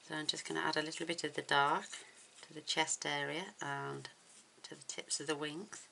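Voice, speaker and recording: Low-voiced woman gently narrating a craft tutorial. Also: flat delivery, normal speed, vocal fry, slight background noise, poor audio. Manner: soft-spoken, admiring, often drops to a near whisper. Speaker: card-making tutorial host.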